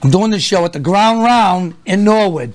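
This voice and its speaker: An older comedian with a Boston accent spins a story on a talk show, animated, slipping into the voices of the people he describes. His voice sits a little high for a man. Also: normal speed. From Boston area, USA. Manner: animated anecdotes with acted-out voices. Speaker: stand-up comedian guest.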